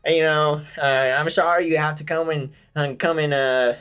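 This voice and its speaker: A man imitating a drunk young friend who slips into an overly polite, halting Southern US accent. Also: on the high side, fairly even intonation, fairly bright tone, clean tone, voice pushed up, lightly acted. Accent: Southern US, put on.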